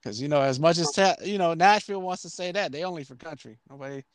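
Higher-voiced joking male podcast host. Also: quick pace, no echo. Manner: joking, profane, rambling rants. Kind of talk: casual chat.

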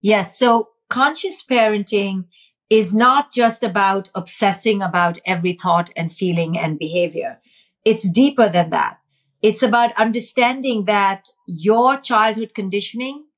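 A woman's voice: medium pitch, measured pace. A middle-aged woman, a parenting expert, explaining earnestly and emphatically as a guest in a podcast interview.

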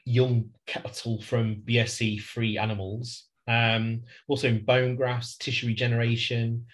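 A man's voice: medium pitch, level tone, measured pace. Chatty man co-hosting a podcast. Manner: chatty, laughs often, explains facts. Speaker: podcast co-host. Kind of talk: casual chat with trivia segment.

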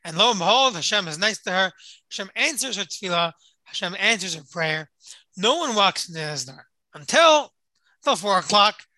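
A man giving a Torah lesson and telling a story, pausing and repeating words often. His voice is piercingly bright. The recording is dry and close. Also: sits high, expressive, no room sound, rough recording. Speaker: Torah teacher.

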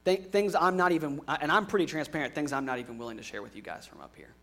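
A young pastor preaches in a slightly high voice. He is earnest, pushing some lines out with emphasis and dropping others to a near hush. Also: quick pace. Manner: earnest, swings from emphatic to quiet and hushed. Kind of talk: sermon.

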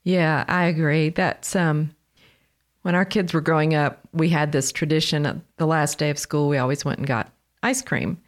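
A woman, co-hosting a casual faith podcast in a gentle, easygoing way. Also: low-pitched, steady tone, moderate pace. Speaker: podcast co-host.

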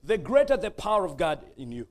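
Emphatic preacher man with lively pitch. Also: fast talker. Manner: emphatic, repeats key phrases. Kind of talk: sermon with live interpreter.

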